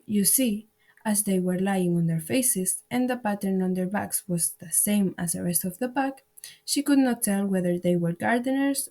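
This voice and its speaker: A woman reading a children's classic aloud as an audiobook narrator, in a measured storytelling manner. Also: mid-range voice, dark tone.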